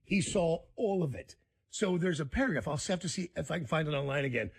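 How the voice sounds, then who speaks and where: Male radio host, eager chatter, raspy fry, bouncy higher pitch. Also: expressive, brisk. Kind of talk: casual radio chat.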